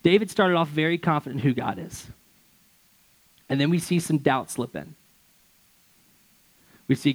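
A young male pastor delivers a sermon in a voice that sits a little high. He reads scripture passages aloud, then explains them in an easy, conversational way, sometimes restarting a phrase. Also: moderate pace, long pauses, poor audio.

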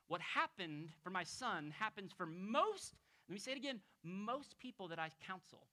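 A male pastor preaching a sermon in an emphatic way, dropping to hushed tones and rising to loud exclamations. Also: sits high, very animated, moderate pace, hardly any pauses.

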